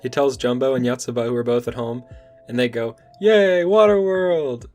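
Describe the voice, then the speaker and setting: A man's voice: mid-range voice, monotone, fast talker, a little mellow, faint music behind. A young man recapping and recommending a manga in a casual, enthusiastic vlog. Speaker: manga reviewer.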